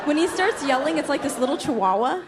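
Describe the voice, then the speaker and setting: Young woman doing stand-up, high voice, punchy, noisy club recording. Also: expressive. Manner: punchy, quick impressions of her parents. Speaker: stand-up comedian. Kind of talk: stand-up comedy set. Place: comedy club stage before a laughing crowd.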